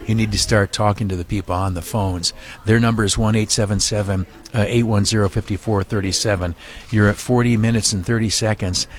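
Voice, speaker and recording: Radio guy pleading for donations, earnest, keeps restarting, lowish voice, studio mic. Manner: earnest, rambling, many restarts and fillers. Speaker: radio host. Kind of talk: charity radiothon appeal.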